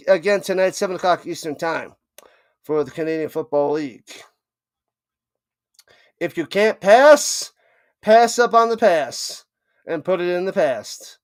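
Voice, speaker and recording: A man with a high, bright voice calling football plays live on his stream, loose and playful, tripping over the names as he goes. The sound is close and dry, with no room around it. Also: unhurried, long pauses, no echo. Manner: animated, joking, stumbles over names. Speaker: play-by-play streamer. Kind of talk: live play-by-play commentary and banter.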